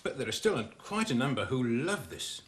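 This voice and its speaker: A man's voice: medium pitch, big pitch swings, brisk, a bit bright, a little hiss or hum. An older man from Jersey, a guest chatting casually about food, hesitating with ums and uhs. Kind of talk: casual chat.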